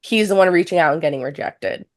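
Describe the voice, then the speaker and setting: A young woman co-hosting a podcast in casual chat, reacting quickly and agreeing with emphatic interjections. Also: fairly low pitch, animated, no echo, clean studio sound. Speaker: podcast co-host.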